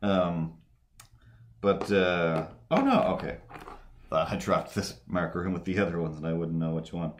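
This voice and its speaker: Low-voiced man rambling casually. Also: little pitch movement, moderate pace, slight background noise. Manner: rambling, full of fillers and restarts. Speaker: livestream host. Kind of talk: casual rambling chat while drawing live.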